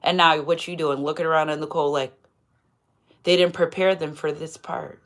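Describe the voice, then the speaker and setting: A woman doing a casual live tarot reading in an animated, playful way, with laughter and asides. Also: sits low, moderate pace. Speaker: tarot reader.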